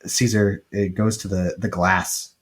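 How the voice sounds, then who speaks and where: A man co-hosting a casual podcast, retelling a film with jokes and quick paraphrased lines from its characters. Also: low voice, level tone. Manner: chatty, joking, quick paraphrased quotes. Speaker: podcast co-host recapping a film. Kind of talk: casual chat.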